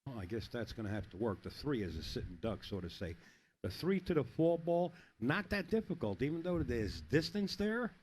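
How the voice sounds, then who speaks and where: A man's voice: mid-range voice, very animated, moderate pace, a little mellow, slight background noise. A middle-aged man commentating a pool match in a rambling, chatty way, telling jokes between shots. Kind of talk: casual play-by-play with joke telling.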